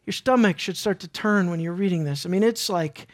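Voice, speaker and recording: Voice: mid-range voice, brisk, few pauses. Earnest, emotional preacher. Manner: emotional, earnest, repeats and restarts phrases, swings between loud and hushed. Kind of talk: sermon.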